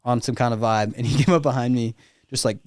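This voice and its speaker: A man's voice: mid-range voice, fairly even intonation, darkish tone, no room sound, studio quality. A young man as a podcast guest, rambling casually with lots of fillers. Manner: rambling, filler-heavy, quick. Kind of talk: casual chat.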